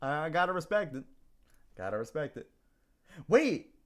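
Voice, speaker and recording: A fairly high-pitched man streams live at a measured pace, chatting casually and reading viewers' messages out loud. His greetings are playful, with frequent giggling and sudden spikes of excitement.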